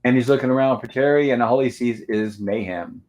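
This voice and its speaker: Male host, mid pitch, narrates a movie review scene by scene. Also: a little fast, a little mellow. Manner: retells scenes step by step, reads lines aloud.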